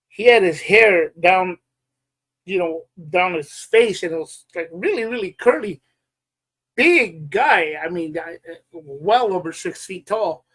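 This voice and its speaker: A man's voice: high-pitched, fairly bright tone. A man hosting his own podcast, telling a casual story with many fillers and restarts. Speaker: podcast host.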